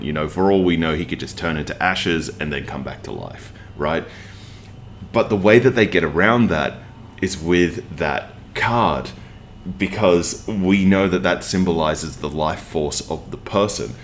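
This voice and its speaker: Deep-voiced man rambling through a review. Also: a little slow, slight background noise. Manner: earnest, rambling with many fillers; emotionally invested. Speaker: manga reviewer. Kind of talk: casual chat.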